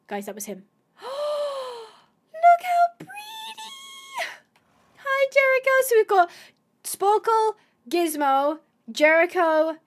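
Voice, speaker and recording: A woman hosting a gameplay video, chatting casually to viewers, thinking aloud with excited gasps and asides. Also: high voice. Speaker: gaming video host.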